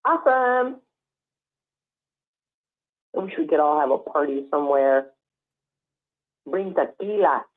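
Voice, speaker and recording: A woman's voice: deep voice, moderate pace, long pauses, slightly rough. A woman in a casual group discussion, emotional and affirming, often agreeing with the others. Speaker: panelist. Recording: tinny phone-like line.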